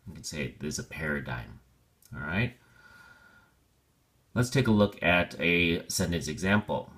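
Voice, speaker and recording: A man with a bass voice teaches a vocabulary lesson, patiently spelling out pronunciation and meaning. He sounds animated and a bit bright, and explains slowly with everyday examples.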